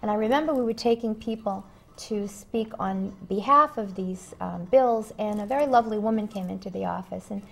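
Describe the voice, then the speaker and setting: A woman working as a spiritual medium who talks earnestly in an interview, telling stories with emphatic pauses. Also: mid-range voice, gravelly. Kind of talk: interview conversation.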